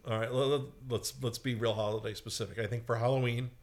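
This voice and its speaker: A man chatting casually, an animated storyteller who recounts old cartoon plots with feeling. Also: fast talker. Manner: animated storyteller, acts out squeaky cartoon voices in quotes. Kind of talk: casual chat.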